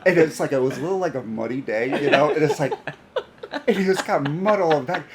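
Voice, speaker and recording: A man, a high school golf coach, telling stories in a casual podcast chat and often laughing through them. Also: quick pace, a little hiss or hum. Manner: animated, laughs through his own stories.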